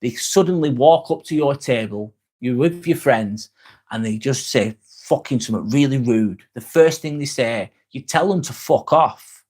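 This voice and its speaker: A man's voice: mid-range voice, animated, normal speed, a little mellow, breathy edge. A man hosting a casual live stream, reading viewers' comments aloud and answering them with frequent swearing. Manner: chatty, swears freely, answers viewers by name.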